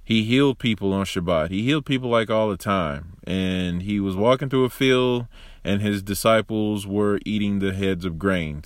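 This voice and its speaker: A man hosting a broadcast, giving casual, animated religious commentary with sarcastic asides. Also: on the low side, dry recording. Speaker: host.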